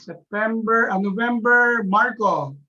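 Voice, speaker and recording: Male teacher, unhurried and bright, patient drills, dull video-call sound. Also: high voice. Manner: patient drilling, repeats answers back. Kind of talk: online language lesson.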